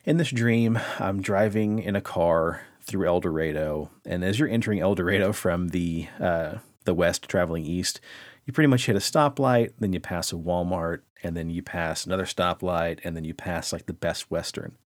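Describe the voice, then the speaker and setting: A man with a fairly low voice tells a meandering story on a podcast, full of "like" and "you know". His delivery is loose and animated, like casual chat between friends. The recording sounds close and dry, with no room around it. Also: normal speed, dry recording. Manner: rambling, animated, heavy use of "like". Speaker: podcast co-host.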